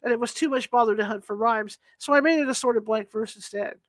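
A woman's voice: a little high, quick pace, no echo, lightly acted. Lady reading as an eager touchy young clerk poet, chatty, dry sound. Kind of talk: audiobook reading.

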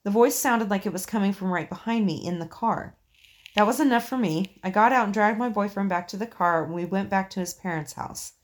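A woman reading listener ghost stories on a podcast in a relaxed, chatty way. She swears offhandedly and laughs easily with her co-host. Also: medium pitch, brisk. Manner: swears casually, laughs often. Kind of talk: casual podcast chat and story reading.

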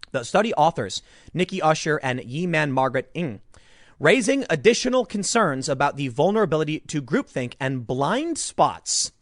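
Sarcastic high-voiced male commentator. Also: a bit bright, no echo, clean studio sound. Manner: sarcastic, reads articles aloud with asides. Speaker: political commentator. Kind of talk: political commentary vlog.

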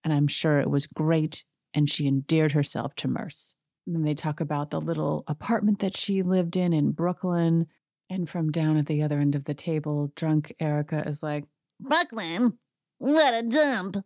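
A woman with a lowish, mellow voice chats casually through a recap, full of sarcastic asides. Her sound is close and dry, with no room around it. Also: level tone, dry recording. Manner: sarcastic, chatty, quick to mock. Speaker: podcast host recapping a reality show. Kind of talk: casual chat.

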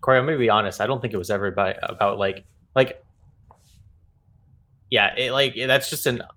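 A man's voice: fairly low pitch, a little fast, sharp tone. Candid, skeptical male podcast co-host. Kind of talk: roundtable debate.

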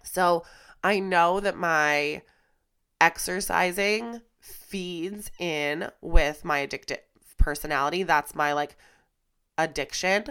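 Young woman podcast host, congested from flu and tears, candid and raw, swears freely, slightly low voice. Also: slow pace, bright, forceful tone, smooth. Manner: raw, emotional, casual swearing. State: stuffy and congested from crying and flu. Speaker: podcast host and fitness instructor. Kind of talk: candid personal monologue. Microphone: studio microphone.

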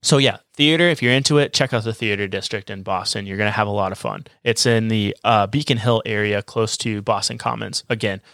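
A man's voice: lowish voice, brisk, hardly any pauses, fairly bright tone, dry recording, clean studio sound. A man co-hosting a casual travel podcast, recommending places to listeners with enthusiasm. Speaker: podcast co-host.

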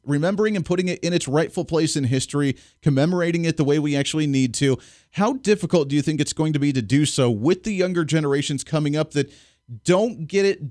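A man hosting a political talk radio show, speaking in an emphatic, animated way that rises on key words. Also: a little high, no room sound, studio quality.

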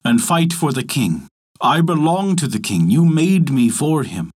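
A man's voice: fairly high pitch, sing-song, a little slow, a little mellow. A man voicing a surly, menacing monster made of wood and springs, in a storybook reading.

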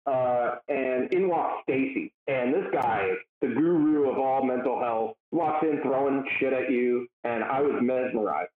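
An animated man spins a loose, profane story from his own life as an interview guest, laughing between lines. His voice sits at an ordinary pitch, but it comes through thin and phone-like. A roomy echo hangs around every word. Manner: animated, swears freely, laughs through stories. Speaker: former police detective, guest.

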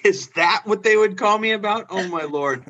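A man's voice: sits high, moderate pace, bright, forceful tone, highs cut off. An older man who is a psychologist and attorney, joking about himself in a casual podcast chat. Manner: self-deprecating joking.

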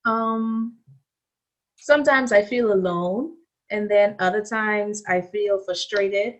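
Bahamian woman, student guest, interview, animated storytelling, acts out quoted lines. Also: mid-range voice, takes it slowly, highs cut off. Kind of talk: interview conversation.

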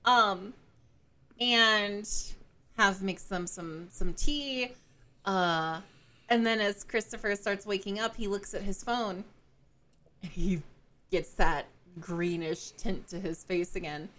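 Woman podcast co-host, bright forceful voice, chatty storytelling recap with laughs. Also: mid-range voice, slow. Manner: animated storytelling with frequent laughs and filler "like". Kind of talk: casual book-club chat.

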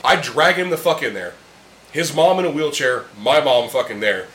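A man's voice: a little high, animated, moderate pace, a bit bright. A man hosting a casual podcast chat, talking bluntly and heatedly with heavy swearing while sharing beers with friends in a room. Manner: blunt, heated, heavily profane. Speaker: podcast host. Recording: roomy echo, faint background hum.

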